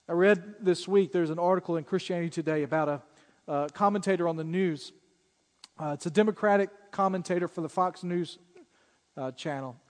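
High-voiced preacher in a reverberant hall. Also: male voice. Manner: earnest, direct preaching that gets louder and quicker when retelling a story. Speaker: pastor. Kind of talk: sermon.

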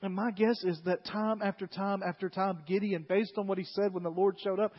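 A pastor preaching a sermon, animated and conversational, retelling scripture and acting out its figures in asides. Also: male voice, high-pitched, a little fast, hardly any pauses, slightly rough. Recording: long hall reverb, dull lo-fi sound.

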